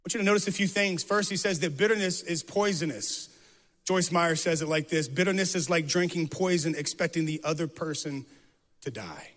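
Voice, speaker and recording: A man's voice: on the high side, normal speed, fairly bright tone. Earnest male preacher in a reverberant hall. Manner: earnest, emphatic storytelling with repeated phrases. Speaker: pastor. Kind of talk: sermon.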